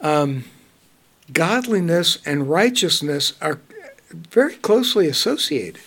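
Gravelly, high-voiced man teaching scripture. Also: expressive, fairly bright tone. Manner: reads scripture slowly, then comments conversationally with chuckles. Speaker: preacher. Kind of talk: bible teaching.

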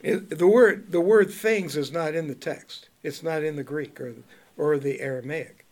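Reading scripture aloud in King James wording, this man leads a small Bible group in a relaxed, conversational way, posing questions and laughing often. His voice is on the high side, a little slow and a little mellow.

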